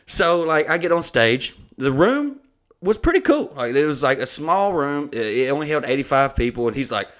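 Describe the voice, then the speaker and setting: Profane, rambling comedian telling a story. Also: male voice, fairly high pitch, normal speed. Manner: rambling, profane, animated retelling. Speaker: comedian and podcast host. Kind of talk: casual storytelling.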